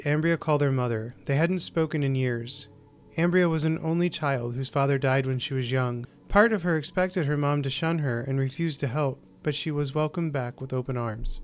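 A man hosting and narrating a short story, reading in a measured, deliberate way with slowed pauses. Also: mid-range voice. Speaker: host and narrator.

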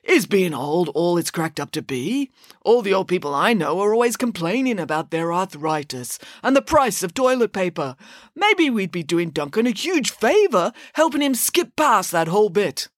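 A woman's voice: medium pitch, sing-song, normal speed, no room sound, clean studio sound. A woman voicing a naive, easily pleased nobleman who chats cheerfully. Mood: chatty.

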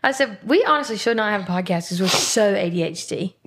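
Gravelly woman host. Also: mid-range voice, expressive, fast talker, fairly bright tone. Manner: rambling, upbeat, laughs often. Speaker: podcast host. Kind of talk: casual chat.

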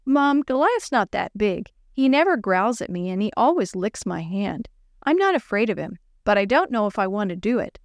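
A woman voicing an eager young schoolgirl in a children's story, a little higher and bright. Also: big pitch swings, normal speed, no room sound, studio quality.

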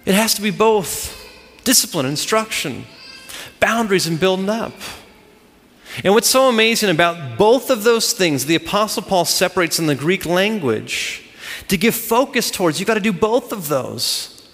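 A man's voice: high voice, lively intonation, moderate pace, a bit bright, long reverb tail. A man preaching a sermon to a congregation, driving his points home with emphatic repeated phrases. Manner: emphatic, repetitive preaching cadence. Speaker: pastor.

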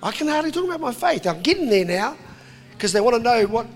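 A man preaching to a crowd, animated and jokey, slipping into voices. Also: very high-pitched, quick pace, in a large hall, soft background music. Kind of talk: impassioned sermon to a crowd.

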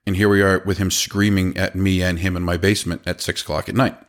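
Brief: lowish man in his thirties, casual animated storyteller, quotes people as he goes. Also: fast. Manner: animated, quotes people in their own voices. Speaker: business owner telling a story.

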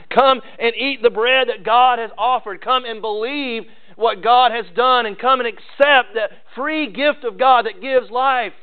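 A pastor preaching a sermon in an earnest manner, repeating phrases and shifting emphasis. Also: male voice, sits high. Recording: phone-like narrow sound.

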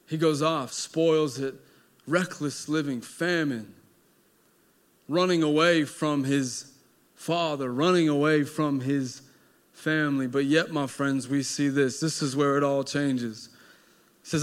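A male pastor preaching a sermon with dramatic storytelling, swinging between loud emphasis and hushed moments. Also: fairly high pitch, unhurried.

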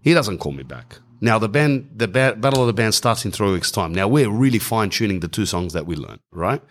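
A middle-aged man with an Australian accent telling a comic story in a casual, animated way, full of slang and asides to the audience. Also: lowish voice, brisk. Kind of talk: stand-up storytelling.

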